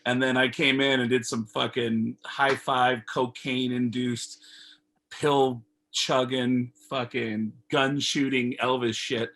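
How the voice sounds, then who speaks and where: A man's voice: medium pitch, slow pace. Guy comic on a video call, medium voice, telling a wild story with lots of swearing. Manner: animated, profane, acts out dialogue. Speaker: comedian guest. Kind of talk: casual storytelling.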